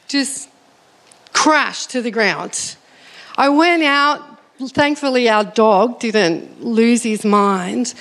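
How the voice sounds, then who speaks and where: A middle-aged woman, telling a personal story in an animated, self-mocking way as part of her sermon. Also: high-pitched. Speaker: preacher.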